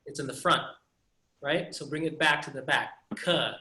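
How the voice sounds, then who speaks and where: A man's voice: on the high side, normal speed, bright, forceful tone, reverberant. A man teaching pronunciation over a video call, patiently demonstrating sounds again and again. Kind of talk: online pronunciation class.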